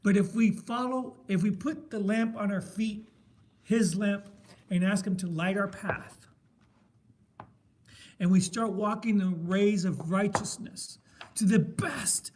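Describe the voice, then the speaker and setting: Middle-aged man, high-pitched, emphatic faith sharer who repeats himself like a preacher. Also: slow pace, a little mellow, a little hiss or hum. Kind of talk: passionate faith sharing.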